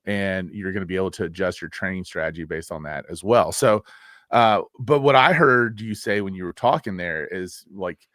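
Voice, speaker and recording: Deep-voiced man, dry close sound. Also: normal speed, fairly bright tone, no echo. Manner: plainspoken, trails off and restarts, fills with "like". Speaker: podcast co-host, real estate coach. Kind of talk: casual conversational podcast.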